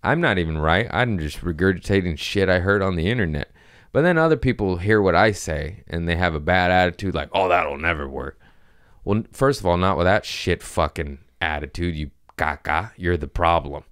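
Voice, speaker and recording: A man's voice: sits low, expressive, fairly quick, a bit bright, smooth, dry recording, studio quality. A man hosting a comedy podcast, rambling casually with profanity and jokes.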